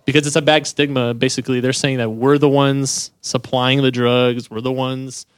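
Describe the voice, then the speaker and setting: A man's voice: mid-range voice, flat delivery, moderate pace, clear, resonant tone, no echo. A man as a guest in a casual interview, talking in a loose, rambling way with many fillers. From California. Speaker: guest, a glover.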